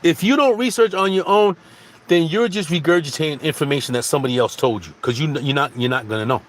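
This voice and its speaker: A man talking through spiritual ideas in a loose, preachy monologue. He circles back, repeats phrases and restarts his sentences, and his voice sits a bit high for a man. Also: fast talker. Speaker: spiritual speaker.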